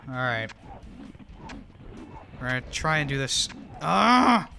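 A young man streaming a video game live, swearing and venting his frustration in loud outbursts. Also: mid-range voice, very animated, slow pace, vocal fry, background noise. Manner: exasperated, swearing, frequent outbursts. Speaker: gaming streamer. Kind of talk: live gameplay commentary.

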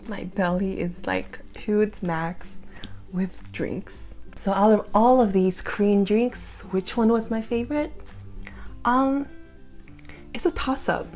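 Chatty woman vlogger, mellow voice. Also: medium pitch, takes it slowly, soft background music. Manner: chatty, thinks aloud with fillers. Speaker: food vlogger. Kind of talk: casual taste-test vlog.

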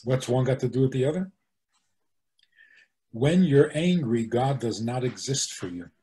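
A man, a rabbi, giving an animated teaching talk, posing rhetorical questions and answering them himself. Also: medium pitch, unhurried. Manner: animated, acts out the angry voices he quotes.

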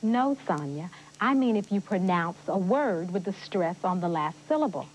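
An actress playing a patient spelling tutor. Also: female voice, on the low side, expressive, normal speed, a little hiss or hum, natural voice, low-quality recording. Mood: explaining. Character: patient adult woman tutor explaining spelling. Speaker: teacher. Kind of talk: scripted educational TV acting.

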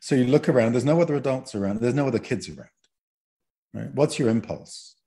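A guest therapist trainer on a podcast teaches in a chatty, explanatory way, tagging his points with "right?". His medium-pitched voice has a dark tone and moves fairly quickly.

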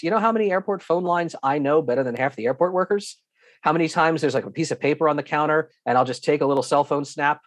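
A man giving an online lesson with slides, talking in a lively, emphatic way, acting out airline staff and repeating himself for emphasis. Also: fairly high pitch, no echo, clean studio sound. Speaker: guest instructor.

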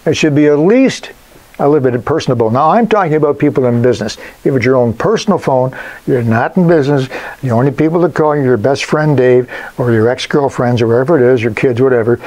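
A man's voice: mid-range voice, fast, rough recording. Older man, business coach, casual and punchy, mid-range voice, folksy asides. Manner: animated, emphatic, folksy asides. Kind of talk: casual advice talk.

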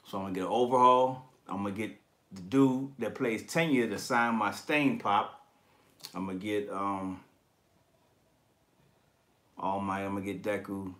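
A man's voice: on the low side, fairly even intonation, measured pace, pauses often, fairly bright tone. A man hosting a collectibles channel, chatting casually on a livestream and reading viewer comments. His talk is slangy and profane, and he laughs often.

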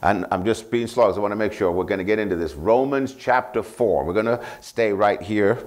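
A male pastor preaching a sermon, prompting the congregation to finish his phrases and repeating scripture references slowly for emphasis. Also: fairly low pitch, darkish tone. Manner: call-and-response, asking the congregation to finish his lines.

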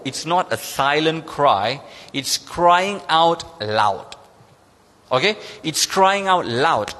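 A man preaching a sermon as pastor, emphatic and repetitive, pushing his pitch up on key points. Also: fairly bright tone. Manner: emphatic, repeats key phrases, rises in pitch when stressing points. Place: church sanctuary. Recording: long hall reverb.

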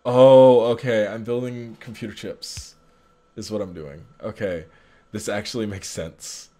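A man's voice: fairly low pitch, steady tone, unhurried, mellow. A young man casually commentating his own gameplay, frustrated and muttering at himself about his mistakes. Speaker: gaming channel host. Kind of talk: casual let's play commentary.

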